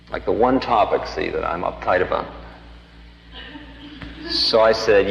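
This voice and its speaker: A man's voice: lowish voice, normal speed, creaky, long pauses, slight background noise. A man giving a lecture, telling a story from his own life in a wry, conversational, self-mocking way. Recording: roomy hall, dull lo-fi archive tape.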